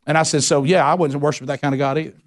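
Folksy preacher man, slightly high voice. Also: fairly even intonation, racing. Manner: preaching with call-and-response questions to the congregation; folksy, says y'all, tells anecdotes. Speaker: pastor. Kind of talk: sermon.

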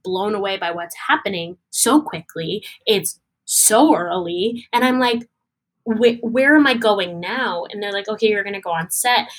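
A young woman, a guest performer, telling a story in a casual interview and acting out the quoted dialogue with lively energy. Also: a little high. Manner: animated, acts out quoted dialogue.

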